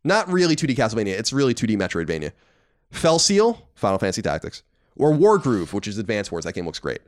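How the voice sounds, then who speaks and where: A man with a lowish voice talks fast as co-host of a gaming podcast. He chats casually and runs through the news with animated, strong opinions and casual swearing.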